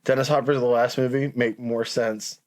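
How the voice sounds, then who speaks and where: A man's voice: medium pitch, steady tone, moderate pace, a little mellow, a little hiss or hum. A man co-hosting a podcast, telling rambling stories in casual chat and chuckling mid-sentence. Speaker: podcast co-host.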